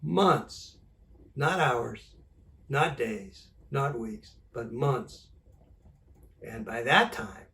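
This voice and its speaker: An older man, a journalist, telling an animated anecdote and acting out the dialogue. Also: medium pitch, drawn-out words, pauses often, distant mic. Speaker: journalist and author. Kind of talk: storytelling talk.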